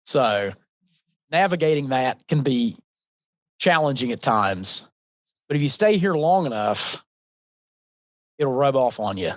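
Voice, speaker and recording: A man's voice: mid-range voice, animated, slow, pauses often, dry recording. Laid-back man with a West Virginia drawl. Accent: Southern West Virginia. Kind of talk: casual panel discussion.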